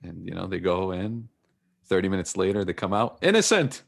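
Deep-voiced male podcast co-host, animated casual storyteller. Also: fairly quick, gravelly.

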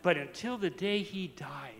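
A man's voice: fairly high pitch, measured pace, a little hiss or hum. A man preaching a storytelling sermon in a folksy, earnest way, laughing at his own jokes. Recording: long hall reverb, faint ambience.

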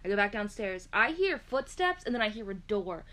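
A woman in her twenties telling a story in casual chat, animated, swearing freely and acting out what people said. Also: medium pitch, moderate pace.

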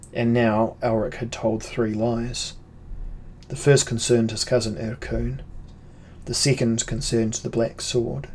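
A man narrating a fantasy audiobook in a measured, unhurried storytelling manner. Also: mid-range voice, flat delivery, darkish tone, slight background noise.

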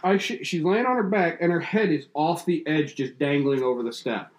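A man in his thirties, a podcast co-host, telling stories excitedly in casual chat with swearing and laughter. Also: a little high, normal speed, reverberant.

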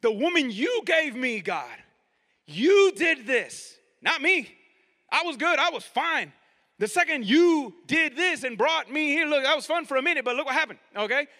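A man's voice: very high-pitched, moderate pace, bright, forceful tone, in a large hall, voice pushed up, full character voice. A man doing Adam, blaming everyone. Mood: accusing. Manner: casual, pleading, streetwise slang. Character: Adam, a defensive blame-shifting young man.

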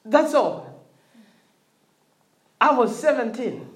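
Here a middle-aged preacher gives a lively sermon, jumping from loud emphasis to near-whispered prayer. Repeated words and frequent checks on the listeners keep it conversational. The voice rings through an echoing church hall. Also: high voice, slow. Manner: animated, swings from loud emphatic to quiet intimate; repeats words, asks the congregation for response. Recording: roomy echo.

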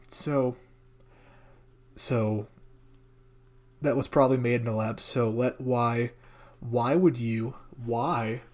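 Sarcastic rambling man riffing on news. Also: mid-range voice. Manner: sarcastic, rambling, laughs often. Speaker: podcast host reading news. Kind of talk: casual comedic commentary.

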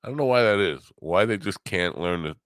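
A man's voice: deep voice, expressive, fairly quick, a bit bright, dry recording. A middle-aged man hosting a solo morning chat show, rambling with wry, teasing humor. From US Northeast. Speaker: podcast host.

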